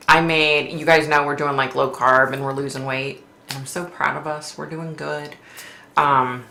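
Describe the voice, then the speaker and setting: A chatty woman hosting a psychic livestream, her low voice gravelly and sharp-edged. She laughs often and reads viewer comments aloud. The sound is roomy and echoey, with faint room noise behind her. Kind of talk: casual chat reading viewer comments.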